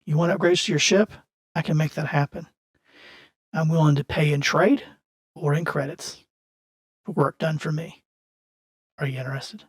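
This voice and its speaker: A man's voice: fairly high pitch, fairly even intonation, normal speed, long pauses, natural voice. A man voicing a courteous, businesslike male salvage-yard boss who runs a shady upgrade shop, in a tabletop game. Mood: smooth pitch.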